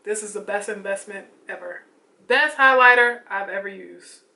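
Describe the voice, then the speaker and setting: A young woman chatting casually and excitedly about her makeup while she gets ready at home, full of slangy asides. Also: mid-range voice, moderate pace. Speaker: beauty vlogger. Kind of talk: casual get-ready-with-me chat.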